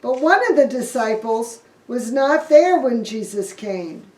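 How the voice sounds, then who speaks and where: A woman pastor tells a Bible story for children in a slow, playful manner. Her voice sits a little high. She is recorded from a distance in an echoey room. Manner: lively, playful telling.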